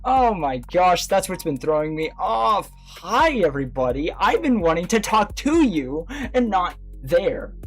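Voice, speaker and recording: A livestream host with a medium-pitched, very animated voice chats casually with viewers, unhurried yet hardly pausing. They ramble with many fillers and restarts and laugh often, while faint music plays behind.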